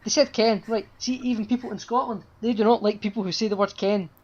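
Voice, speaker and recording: A woman's voice: medium pitch, steady tone, fast, a little mellow. A woman co-hosting a casual podcast, rambling with lots of fillers and casual swearing. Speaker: podcast co-host. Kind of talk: casual chat. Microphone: home podcast mic with a buzz. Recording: dull lo-fi home mic.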